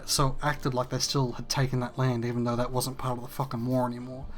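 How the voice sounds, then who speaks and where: A man's voice: medium pitch, little pitch movement, a little fast, soft background music. A man, hosting a casual gameplay rant that is frustrated, profane and rambling. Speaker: gaming video host.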